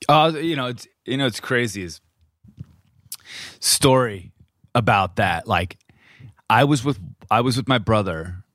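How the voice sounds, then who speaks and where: A man co-hosting a podcast from home, telling a story in a lively, casual way, acting out quotes and swearing freely. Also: on the low side, no echo, studio quality. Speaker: podcast co-host. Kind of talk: casual chat.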